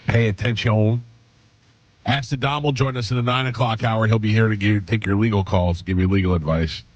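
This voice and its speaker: A man opening a radio show with brisk announcements and promo reads. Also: fairly low pitch, steady tone, dry recording, dull audio. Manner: brisk, promo-style delivery. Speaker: radio host.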